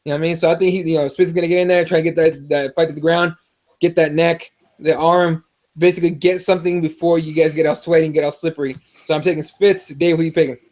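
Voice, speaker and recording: Podcast host, male, higher voice, profane and animated. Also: fast. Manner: animated, swears freely, ranting. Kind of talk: profane casual fight talk.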